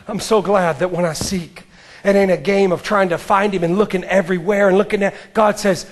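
A man preaching a sermon, dropping to whispers and rising to shouts. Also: sits high, steady tone, a little fast. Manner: swings from hushed whispers to shouted climaxes. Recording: live church with music behind.

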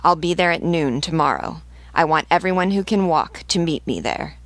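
A woman's voice: sits low, expressive, moderate pace, no echo. A woman reading as a stern noble commander. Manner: commanding, resolute. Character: stern aristocratic male rebel commander.

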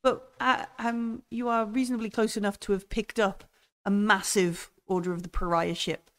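A woman's voice: mid-range voice, steady tone, moderate pace, fairly bright tone. Hesitant woman running a tabletop game. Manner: hesitant, full of ums and likes. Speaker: game master.

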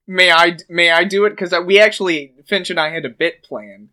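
Man podcast co-host, bright and higher-pitched, hammy storyteller. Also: fairly quick. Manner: theatrical, mock-ominous storytelling. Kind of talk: casual chat and mock-dramatic bit narration.

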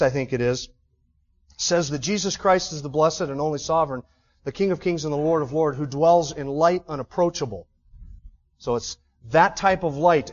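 A high-pitched man delivers a sermon as a pastor, building to loud, emphatic peaks before sinking into hushed, low passages. The recording sounds slightly dull and lo-fi.

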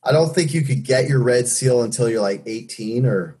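Husky-voiced man, casual sarcastic chat. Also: medium pitch, normal speed, mellow. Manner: sarcastic, rambling, swears freely. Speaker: podcast co-host.

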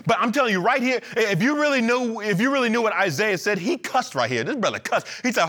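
Animated, bright-voiced male preacher. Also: high-pitched, quick pace, few pauses. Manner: animated, emphatic preaching with repetition and asides. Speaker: pastor. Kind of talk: sermon.

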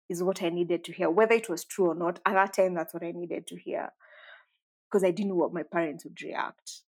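A woman's voice: fairly low pitch, steady tone, moderate pace, darkish tone, low-quality recording. A woman in her thirties, a podcast guest, reflecting conversationally on her life with many fillers. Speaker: interview guest. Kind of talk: candid personal storytelling. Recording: guitar music underneath.

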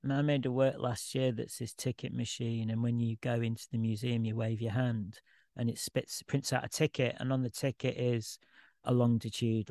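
A man's voice: mid-range voice, vocal fry, mellow, no room sound, clean studio sound. A man who is a guest artist, talking candidly and at length in an informal podcast conversation. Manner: candid, rambling, self-deprecating.

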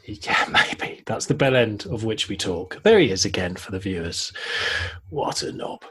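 A man's voice: on the low side, expressive, unhurried, fairly bright tone, a little hiss or hum. A man co-hosting a casual online talk show about cocktails, chatty and jokey as he explains a drink's history. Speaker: podcast co-host.

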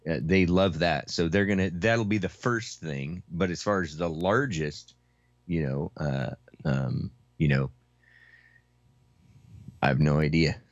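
A man on a casual panel who speaks slowly and fills gaps with mm-hmms. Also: rumbling low, no echo. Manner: frequent backchannel mm-hmms, slow and measured. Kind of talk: casual round-table discussion. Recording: dry, dull lo-fi sound.

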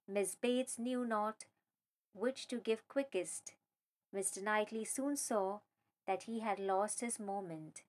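Woman narrating an old novel, slow and gentle, voice a bit high. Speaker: audiobook narrator. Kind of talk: reading a classic novel aloud, voicing characters.

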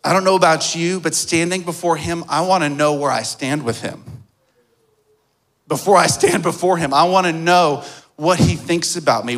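Male pastor, fairly high voice, storytelling sermon with hushed lows and emphatic peaks. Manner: storytelling, swings from soft and hushed to loud and emphatic.

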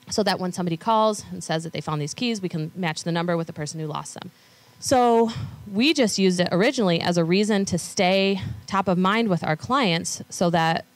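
A woman speaking at a conference, chatting with the audience and telling stories with lively quoted voices. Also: on the low side, no echo. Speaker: conference speaker on law firm marketing. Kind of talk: conference talk with audience questions. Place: conference room.

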